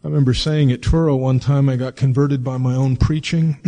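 Speaking at a medium pitch, this man preaches a sermon full of rhetorical questions and expressive emphasis he stretches out.

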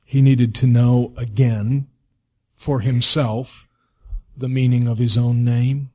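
A male preacher delivering a sermon, with expressive, drawn-out emphasis and rhetorical questions. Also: mid-range voice.

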